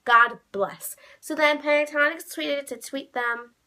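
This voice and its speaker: A woman's voice: high voice, measured pace. A young woman vlogger gushing as she retells a concert night, acting out the dialogue. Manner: excited, gushing fan retelling with quoted dialogue. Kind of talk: casual storytelling.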